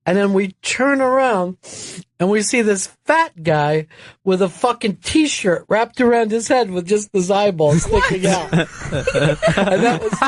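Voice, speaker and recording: A man telling a wild, profanity-filled story on a radio talk show, acting out the shouts and laughing as he goes. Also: high voice.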